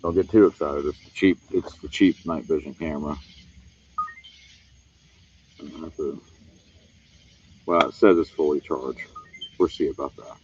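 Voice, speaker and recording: Deep voiced guy rambling on a night stream in the woods, dull lo-fi mic, crickets behind. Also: steady tone, a little slow, long pauses, a little mellow, a little hiss or hum. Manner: rambling, laid-back, talks to chat. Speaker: paranormal livestream host. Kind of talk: casual outdoor livestream chat. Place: wooded horse camp outdoors at night.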